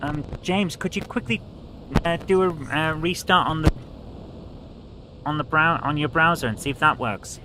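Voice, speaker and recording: British guy streaming, kinda high voice, muttering and moaning as he tweaks his mic, noisy background hiss. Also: normal speed, pauses often. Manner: chatty, grumbling asides while tweaking audio settings. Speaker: live stream host. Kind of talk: casual live-stream chat.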